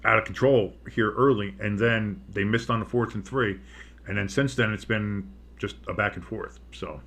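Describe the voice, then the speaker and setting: At a moderate pace, a man with a lowish, somewhat bright voice and some vocal fry delivers casual live football play-by-play. His commentary rambles, includes swearing as he reacts, and features restarted sentences.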